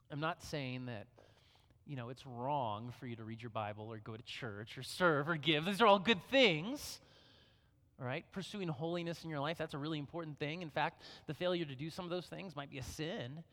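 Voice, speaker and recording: A man's voice: extremely high pitch, pushed and bright. A middle-aged man preaching a sermon in a conversational way, often checking in with "right?". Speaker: pastor. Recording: long hall reverb.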